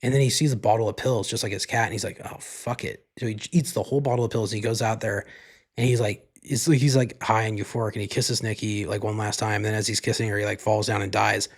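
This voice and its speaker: Man, podcast host, low gravelly voice, husky, laid-back rambling, lots of "like". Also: fairly even intonation, fast talker. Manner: laid-back, rambling, leans heavily on "like" and swears freely. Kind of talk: casual solo podcast talk, recapping a movie.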